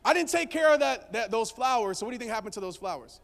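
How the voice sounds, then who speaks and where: His voice is very high, gravelly and expressive, and he moves at a quick pace. Standing before a live audience, this motivational speaker jokes with the crowd while casually recounting a story, all carried by long hall reverb.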